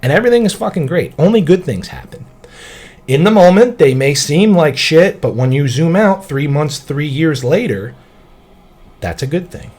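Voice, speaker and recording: A man hosting a podcast, telling a story in casual motivational chat, animated and swearing freely. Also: a little high, normal speed, husky. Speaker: podcast host.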